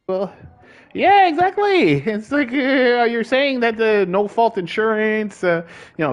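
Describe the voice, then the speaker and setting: An exasperated man rants with a slightly raised pitch in a casual vlog. He swears freely and keeps breaking into laughter. His talk runs loose and conversational, full of fillers and sudden jabs. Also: very animated, a little slow, highs cut off. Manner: exasperated, profane, laughing often. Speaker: vlogger. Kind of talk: casual ranting chat.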